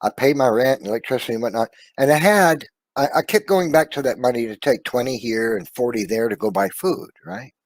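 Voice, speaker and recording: A man telling an emotional personal testimony, earnest and confiding, often trailing off softly and checking in with his listener. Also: mid-range voice, lively intonation, brisk, creaky, few pauses, no echo. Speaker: storyteller sharing a personal testimony.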